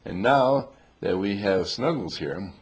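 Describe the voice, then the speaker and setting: A man's voice: lowish voice, animated, slow. An older man telling rambling, humorous stories to a small group, playful and chuckling, with old-fashioned exclamations.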